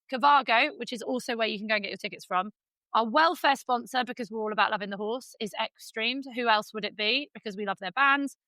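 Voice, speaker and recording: Chatty bright-voiced woman podcast host. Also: mid-range voice, dry recording. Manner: chatty, quick to laugh, plugs sponsors. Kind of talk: casual chat.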